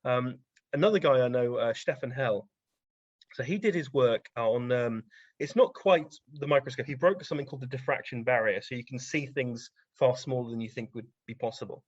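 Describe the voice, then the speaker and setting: A man tells casual stories as a podcast guest, rambling along and peppering his talk with ums. His voice sits at an ordinary middle pitch. The recording is dry and a little dull, with no room sound. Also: fairly quick, slightly rough, dry recording. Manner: rambling, anecdotal, frequent ums. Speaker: guest science writer. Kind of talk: casual interview storytelling.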